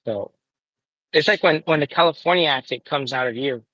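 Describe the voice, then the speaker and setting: A man's voice: on the high side, normal speed, fairly bright tone, no echo. A man chatting in a laid-back way on a livestream, often saying "yo". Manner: laid-back, says "yo" a lot. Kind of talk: casual livestream chat. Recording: dull lo-fi audio.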